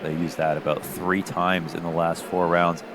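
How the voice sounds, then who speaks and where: Deep-voiced man doing esports analysis. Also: normal speed, background noise. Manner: relaxed explanatory analysis. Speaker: color commentator.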